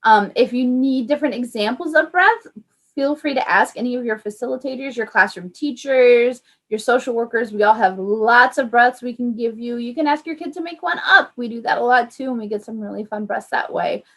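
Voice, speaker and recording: A young woman, an early childhood paraprofessional, talking parents through calming techniques in a friendly, chatty way with lots of "um"s. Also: a little high, a little fast. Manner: friendly, chatty, many fillers. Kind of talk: informal parent education talk.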